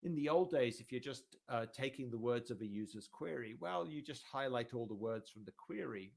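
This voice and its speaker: A male professor giving an academic lecture in a relaxed, conversational way, with frequent ums and restarts. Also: medium pitch, moderate pace, gravelly. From United Kingdom.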